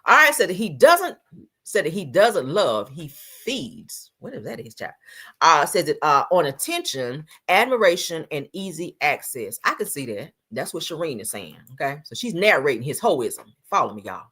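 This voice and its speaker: Sassy husky woman dishing reality TV gossip. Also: sits low, sing-song, moderate pace, a bit bright. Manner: sassy, blunt, profane, frequent laughter. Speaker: reality TV commentator. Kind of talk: casual commentary on a livestream.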